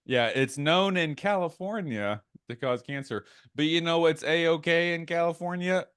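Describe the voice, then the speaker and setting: A man's voice: fairly high pitch, moderate pace, a bit bright, smooth, no room sound, clean studio sound. A man co-hosting a casual podcast, talking animatedly and getting worked up, with asides and quoted bits. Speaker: podcast co-host. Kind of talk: casual chat.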